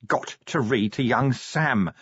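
A man's voice: medium pitch, takes it slowly, fairly bright tone, slightly rough, dry recording, highs cut off. A man voicing a delirious, battered middle-aged watchman who wails in a dazed, childlike sing-song. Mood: earnest.

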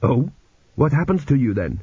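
A man's voice: medium pitch, big pitch swings, normal speed, dark tone, husky, no room sound, full character voice. A man reading an audiobook voices a young male rescuer who talks with dry, wry understatement. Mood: sardonic. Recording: dull lo-fi audiobook recording.

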